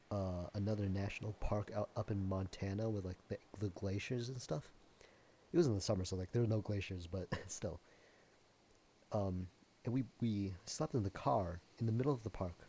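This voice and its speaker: A man's voice: on the low side, warm tone, a little hiss or hum. A young man giving casual, rambling gameplay commentary, full of "like" and jokes. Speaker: gameplay streamer.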